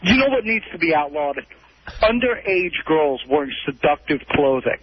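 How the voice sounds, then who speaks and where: Husky high-voiced male radio caller. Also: very animated, moderate pace. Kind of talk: call-in radio conversation. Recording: dull lo-fi phone-in radio audio.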